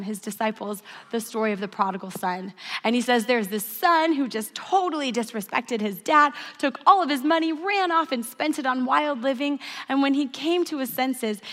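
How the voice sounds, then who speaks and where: A woman in her thirties delivers an earnest sermon at a church service, her voice a little high and fairly bright. She tells stories and leads the congregation in call-and-response, with long hall reverb on the recording.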